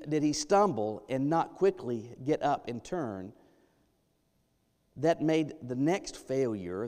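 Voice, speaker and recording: A man preaching a sermon as pastor, emphatic, dropping to a hush and then rising loud. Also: mid-range voice. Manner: emphatic, swings from hushed to loud. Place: church sanctuary. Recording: long church reverb.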